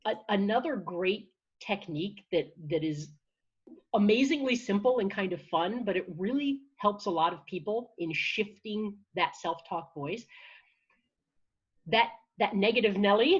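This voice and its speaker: A woman coach speaks in an upbeat, encouraging flow, often restarting her sentences as she explains. Her voice is a little husky. The sound is dull and lo-fi, like audio from a video call. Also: medium pitch, a little slow. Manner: energetic, encouraging, with frequent restarts. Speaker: confidence and public speaking coach. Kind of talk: conversational interview answer.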